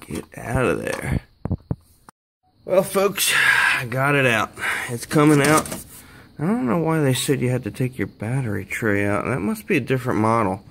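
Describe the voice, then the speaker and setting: A man's voice: mid-range voice, animated, moderate pace, vocal fry, background noise. Man cursing under his breath at work. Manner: swearing, straining and muttering while he works. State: strained from physical effort. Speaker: DIY car repair vlogger. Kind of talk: casual talk while working.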